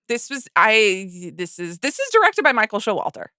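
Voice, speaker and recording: A woman's voice: mid-range voice, big pitch swings, a little slow, pushed and bright, no echo, clean studio sound. A woman hosting a podcast, chatting casually about movies with many fillers and restarts. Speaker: podcast host. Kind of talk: casual chat.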